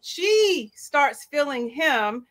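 Female panelist, bright high voice, blunt and easygoing. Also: very animated, very slow. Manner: blunt, laid-back storytelling. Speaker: podcast panelist. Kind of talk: comedic debate banter.

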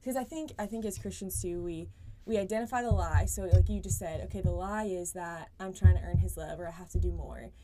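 A woman's voice: fairly low pitch, a little fast, warm tone, faint music behind. A young adult woman, a podcast guest, speaking earnestly in casual faith conversation and often saying "like". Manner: earnest, lots of "like" fillers.

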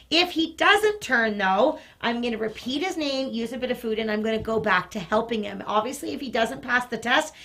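A woman's voice: fairly high pitch, fairly bright tone. A woman dog trainer explaining each step of a hands-on training demonstration, breaking off to praise and cue her dog. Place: outdoors near a train station.

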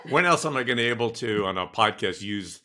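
A man's voice: lowish voice, animated, a little fast, bright, forceful tone. An older man co-hosting a podcast, talking in an enthusiastic, easygoing way. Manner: enthusiastic, laughs easily, restarts often. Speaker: co-host. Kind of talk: casual podcast chat.

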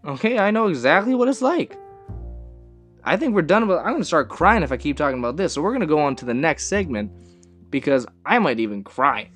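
A man's voice: fairly high pitch, big pitch swings, fairly quick, fairly bright tone, faint music behind. A young man hosting a casual podcast, rambling and swearing as he tells stories with bursts of laughter. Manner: rambling, profane, laughing storyteller. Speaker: podcast host.

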